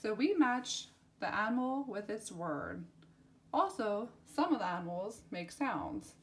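Teaching young children, a woman spells out words one letter at a time and repeats them sing-song, cheerfully praising the class. Her medium-pitched voice has lively intonation and a measured pace.

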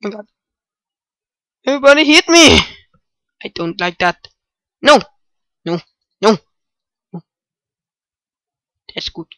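Frantic high-voiced woman gamer. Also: very animated, slow, pauses often, no room sound, low-quality recording. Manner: frantic, shouting and wailing in mock despair. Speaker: gamer recording gameplay. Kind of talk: gameplay commentary.

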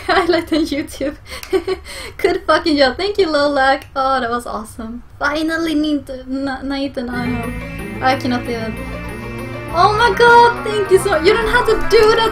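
A young woman with a Swedish accent, streaming a video game live, excitable, swearing often and laughing a lot. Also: sits high, measured pace, faint music behind.

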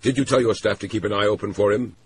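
A man's voice: on the low side, steady tone, quick pace, a little hiss or hum, pitched above the performer's own voice, lightly acted. A man voicing an agitated middle-aged businessman on the phone, strained, jerky and curt.

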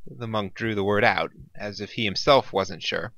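A man narrating a science fiction story in a measured, wry storytelling manner. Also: lowish voice, bright, forceful tone, no echo. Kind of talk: audiobook narration.

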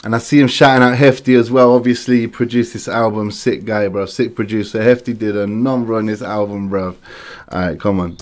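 A man, hosting a music reaction and talking casually with lots of slang, quick to get excited. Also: on the low side.

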